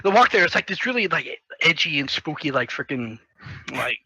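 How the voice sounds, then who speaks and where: A young man with a high, very bright, sharp voice rambles through a movie recap, full of "like" fillers and quick jokey impressions. The sound is dry and close, with no room around it. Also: sing-song, breathy edge, no echo, rough recording. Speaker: co-host summarizing a movie.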